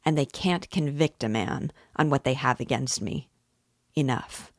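A woman's voice: very deep voice, measured pace, no echo, studio quality, heavily acted. A woman reading aloud, voicing a bitter, proud young man who talks gloomily and defiantly. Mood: grim insistent.

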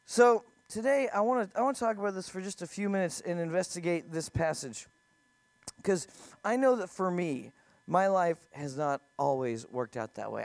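A man's voice: sits high, dry recording. A man preaching a sermon in a conversational way, asking his listeners questions as he goes. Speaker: pastor.

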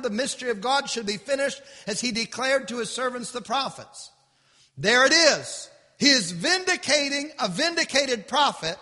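A man preaching a sermon in an impassioned style, rising to shouts and dropping to a low, quiet delivery. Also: long reverb tail.

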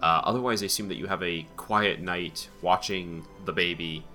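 A man narrating as game master of a tabletop game, relaxed and rambling, with many fillers. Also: low-pitched, normal speed, over loud music.

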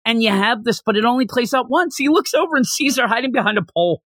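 A man hosting a casual anime review chat, acting out characters' lines in quick, animated bursts. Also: extremely high pitch, dry recording, clean studio sound. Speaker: anime review podcast host.

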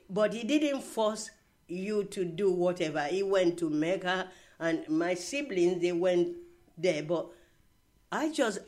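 An older woman with a foreign accent, telling stories in a casual chat, full of fillers and restarts. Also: on the low side. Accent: foreign-accented English. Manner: warm storytelling, many "you know" fillers and restarts. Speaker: interviewee.

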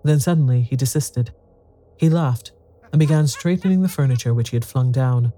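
A narrator reading a ghost story aloud in a measured storytelling manner. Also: medium pitch, dark tone.

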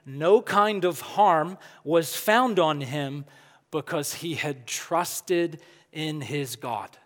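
High-voiced preacher in a reverberant hall. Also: male voice, extremely slow, a bit bright. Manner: earnest, emphatic, builds with rhetorical questions. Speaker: pastor. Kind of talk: sermon.

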